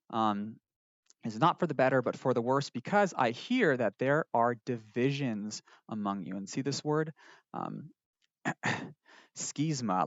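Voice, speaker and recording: A man's voice: mid-range voice, no room sound. Casual male Bible teacher, dull dry sound. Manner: casual, conversational, frequent ums and restarts, acts out quotes. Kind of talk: recorded Bible lesson walking through a text.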